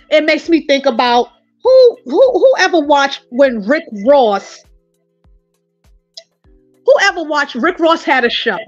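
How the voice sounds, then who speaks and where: High-voiced woman telling an animated story. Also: dry recording, muffled recording. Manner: animated storytelling, addressing viewers as "y'all". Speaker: online commentator. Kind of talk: casual commentary.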